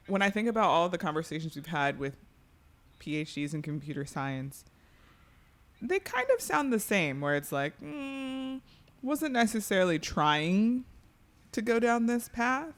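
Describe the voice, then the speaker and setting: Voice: mid-range voice, a bit bright. Podcast host, casual interview, reflective and encouraging.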